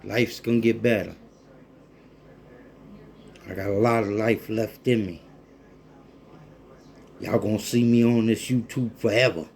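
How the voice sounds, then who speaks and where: A man, talking casually and warmly to viewers in a rambling cooking vlog from his home kitchen. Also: on the low side, steady tone, a little slow, creaky, long pauses. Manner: heartfelt, rambling, addresses viewers as folks. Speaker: cooking vlogger.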